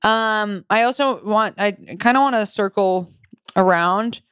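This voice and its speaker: Young woman cohost, smooth clear voice, dry close mic, swears a lot and laughs through stories. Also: medium pitch, unhurried, a bit bright, no room sound. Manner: profane, laughs while reading stories aloud. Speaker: podcast co-host. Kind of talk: casual podcast chat.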